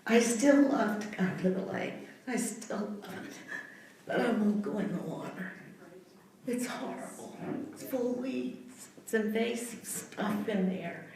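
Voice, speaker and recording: A woman's voice: mid-range voice, unhurried, darkish tone. An older woman speaking at a public meeting, emotional, her voice breaking as she talks. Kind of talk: public comment. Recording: echoey hall, distant mic.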